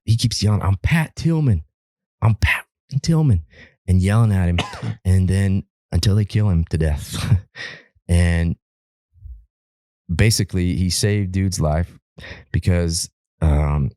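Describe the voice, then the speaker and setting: A man from Alaska with an extremely deep, dark and mellow voice tells a long story on a podcast. He rambles, swears freely and keeps restarting his sentences. The recording is dry and close. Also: no room sound. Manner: rambling, profane, repeats words and restarts often. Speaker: podcast guest, wildland firefighter.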